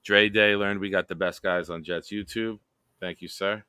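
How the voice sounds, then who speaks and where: A man's voice: deep voice, steady tone, moderate pace, bright, forceful tone, smooth, no room sound. A man hosting a casual live stream, reading viewer comments aloud and laughing often. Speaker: live show host.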